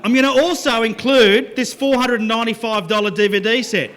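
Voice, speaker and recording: A man giving a lively, joking sales talk to a live audience. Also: very high voice, brisk. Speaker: business speaker.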